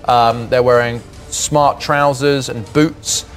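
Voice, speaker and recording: A man narrating a tabletop game as game master, describing scenes with frequent pauses and ums. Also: medium pitch, steady tone. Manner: descriptive, hesitant with many ums.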